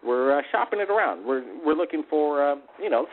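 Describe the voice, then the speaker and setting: A man's voice: a little high, animated, fairly quick. A man hosting a live call-in radio show, upbeat and chatty, with plenty of fillers. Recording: phone-like narrow audio.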